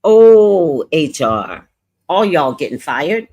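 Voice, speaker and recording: Brash, animated woman livestream host. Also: mid-range voice, measured pace. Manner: brash, profane, animated storytelling. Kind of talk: casual livestream chat. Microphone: streaming setup.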